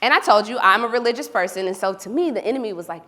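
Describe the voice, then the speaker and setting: Delivering a motivational keynote in a large hall, a woman from Oklahoma tells stories animatedly and speaks straight to the audience. Her mid-range voice is forceful and bright, quick-paced, and the event hall echoes around it.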